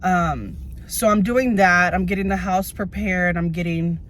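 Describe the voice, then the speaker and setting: A woman's voice: lowish voice, measured pace, a little hiss or hum. A woman in her thirties vlogging from inside her parked car, nervous and teary, rambling with lots of fillers. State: teary, on the verge of crying. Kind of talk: tearful personal vlog.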